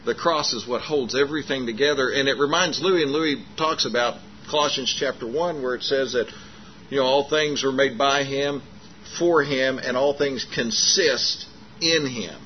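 A man preaching a sermon, telling a story in a folksy, animated way and acting out the dialogue, with many fillers. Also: mid-range voice, normal speed. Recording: muffled lo-fi sermon recording with faint noise.

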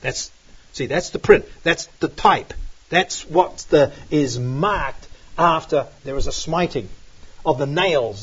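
A man preaching a Bible study with emphatic, repeated phrases, swinging between loud and soft, from outside the United States. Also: a little high, expressive, moderate pace, slightly rough. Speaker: Bible teacher. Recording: dull lo-fi recording.

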